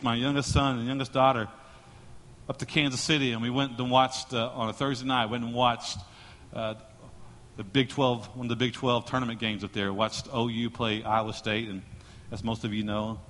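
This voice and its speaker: A male pastor preaching a sermon and telling a joking, animated story to his congregation. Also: medium pitch, brisk, long reverb tail.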